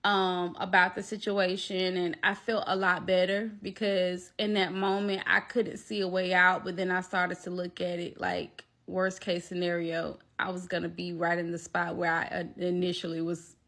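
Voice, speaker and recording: A woman tells her story in a storytime vlog. She is animated and emphatic and speaks straight to her viewers. Her voice is bright and ringing. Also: on the low side, normal speed, few pauses. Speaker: storytime vlogger.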